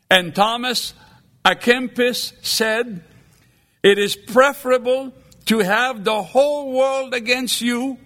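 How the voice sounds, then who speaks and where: A man preaching a sermon in a slow, deliberate cadence. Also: high voice, a bit bright.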